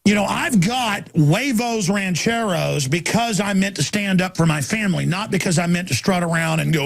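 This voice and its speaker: A man hosting a talk radio show, delivering an impassioned ranting monologue that swings from shouts down to low murmurs. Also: moderate pace, vocal fry, hardly any pauses.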